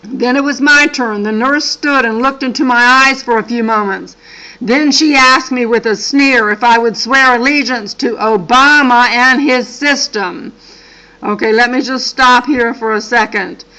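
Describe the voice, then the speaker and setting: A woman's voice: fairly high pitch, unhurried, sharp tone, low-quality recording. An older woman and grandmother reading a dream account aloud, breaking off for earnest, apologetic asides. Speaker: channel host.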